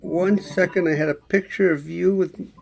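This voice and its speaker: A man hosts an open mic over a video call in a gravelly, slightly high voice. He talks haltingly and pokes fun at himself, and his delivery is casual. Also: steady tone, darkish tone, a little hiss or hum. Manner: self-deprecating, halting. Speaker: host of an online open mic. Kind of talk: casual hosting.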